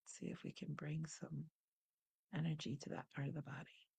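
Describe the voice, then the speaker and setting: A woman hosting a guided wellness practice, calm and unhurried, describing her body sensations as she goes. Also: low voice, creaky, slightly rough. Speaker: host leading a guided practice.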